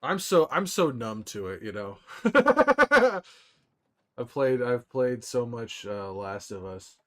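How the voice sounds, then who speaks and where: A man livestreaming casually to his viewers, rambling excitedly with frequent restarts and laughs. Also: medium pitch, unhurried. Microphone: desktop microphone.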